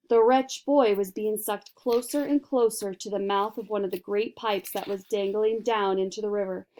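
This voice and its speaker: A woman reading a children's storybook aloud with expressive, dramatic narration. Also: mid-range voice. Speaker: reader.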